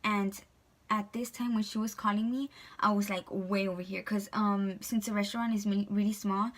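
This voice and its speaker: Speaking at a moderate pace in a steady, medium-pitched voice, a young woman vlogger tells a storytime. She's chatty and packs her speech with fillers, especially "like" and "um."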